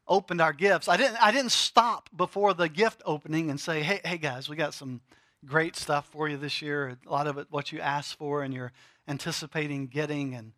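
A middle-aged pastor delivers a sermon, building to emphatic swells and then dropping into dramatic pauses. His voice is bright and forceful, sitting a little high for a man. The sound is dry, with almost no room echo. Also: fairly even intonation.

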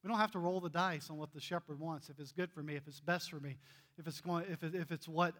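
A man preaching a sermon, telling stories earnestly and swinging between loud emphasis and hushed asides. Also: a little high, steady tone, fast talker. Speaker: pastor.

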